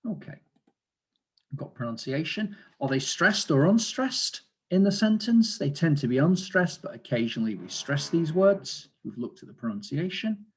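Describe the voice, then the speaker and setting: A man's voice: on the high side, animated, normal speed, slightly rough. A man, a teacher trainer, explaining grammar in an online lesson over a video call, with frequent fillers and asides about the chat.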